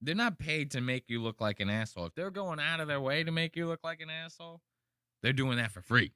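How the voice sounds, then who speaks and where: Brash man with a bright voice. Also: a little high, brisk, smooth, no room sound, studio quality. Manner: crude, animated, mocking impressions. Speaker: podcast host. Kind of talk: casual chat reacting to fight clips.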